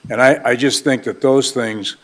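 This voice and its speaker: A man, a county commissioner, raising a concern at a board meeting in a measured way. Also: mid-range voice, steady tone. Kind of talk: public meeting remarks.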